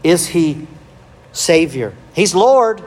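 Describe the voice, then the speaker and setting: A man's voice: fairly high pitch, big pitch swings, extremely slow. A male pastor, preaching a sermon with emphatic rhetorical questions and calls of amen.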